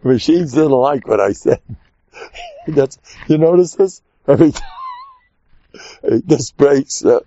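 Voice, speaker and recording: A man's voice: mid-range voice, a little slow, creaky, long pauses, no echo. An older man, giving an informal sermon full of stories and acted-out quotes. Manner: animated storyteller, acts out quotes, chuckles often. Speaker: rabbi giving a talk. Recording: muffled dry recording.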